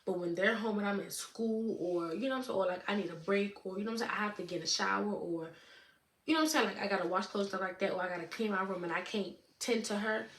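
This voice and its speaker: Chatty teen mom in an echoey room. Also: female voice, mid-range voice, quick pace, fairly bright tone. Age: late teens. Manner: chatty, fillers like "you know what I'm saying". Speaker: vlogger answering viewer questions. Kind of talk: casual Q&A chat to camera. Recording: echoey room with faint noise.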